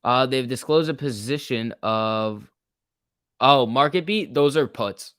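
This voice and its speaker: A young man chats through a stock-market livestream, loose and excitable as he reacts to viewers. His voice sits at a middle pitch and sounds dry and close, with no room around it. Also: slow, smooth, no room sound. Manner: chatty, reads chat messages aloud, jumpy and excitable. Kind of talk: casual livestream commentary.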